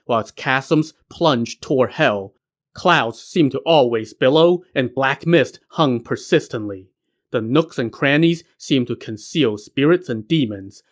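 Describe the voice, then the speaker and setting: A man narrating a classic legend as a podcast host, with casual joking asides. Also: medium pitch. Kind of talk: scripted story narration.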